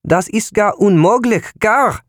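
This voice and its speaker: A man putting on a shrill, alarmed operator. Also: a little slow, dry recording, clean studio sound. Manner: protesting, alarmed. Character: alarmed operator on an ear radio.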